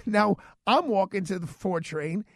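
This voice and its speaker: A man hosting a radio show, telling a story in a chatty, animated way and acting out the dialogue. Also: high voice, a little slow, dry recording, clean studio sound. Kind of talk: casual storytelling monologue.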